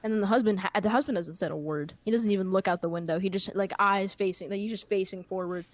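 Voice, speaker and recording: A young woman hosts a podcast and tells a long, rambling anecdote in casual storytelling chat, with plenty of fillers. Her voice is mid-range and she talks fast, on a dry recording.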